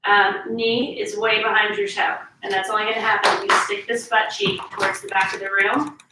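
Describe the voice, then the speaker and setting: A woman's voice: mid-range voice, little pitch movement, moderate pace, heavy reverb, distant mic, noisy background. A woman fitness instructor talking viewers through a workout, counting reps and urging them to squeeze harder.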